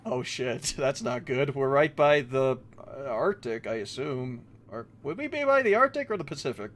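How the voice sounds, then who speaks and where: A man co-hosting a game stream in casual chat, playful and quick to laugh. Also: big pitch swings, fairly bright tone, slight background noise. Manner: giggly, playful, jumps high in pitch. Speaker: streamer co-host.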